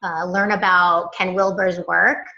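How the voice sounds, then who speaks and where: A woman's voice: lowish voice, flat delivery, unhurried, creaky, pushed and bright, reverberant, lo-fi sound. An American woman introducing herself on a video call, hesitant, with many fillers. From United States. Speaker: course participant.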